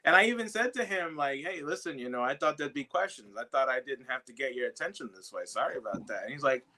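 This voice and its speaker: A man's voice: medium pitch, animated, fast, bright, forceful tone. A man from the South Bronx, telling a story in casual podcast talk, with many fillers and restarts. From South Bronx, New York. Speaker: guest, activist who confronted a congressman.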